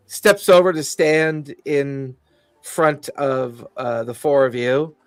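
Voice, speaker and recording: A man's voice: a little high, fairly even intonation, takes it slowly, no room sound, soft background music. A man narrating as game master in a casual tabletop game, with plenty of fillers.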